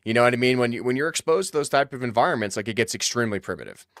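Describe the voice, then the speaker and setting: A man hosts a podcast and talks quickly in a mid-range voice. He thinks out loud with frequent restarts. The sound is dry and close, with no room in it. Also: medium pitch, expressive, dry recording. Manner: fast, restarting, reflective. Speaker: podcast host. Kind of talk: casual interview chat.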